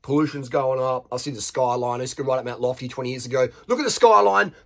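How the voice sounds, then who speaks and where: A man's voice: mid-range voice, fast talker, creaky, fairly bright tone. An Australian man ranting bluntly to camera, swearing freely and firing rhetorical questions at his viewers. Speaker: vlogger. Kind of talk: unscripted rant to camera.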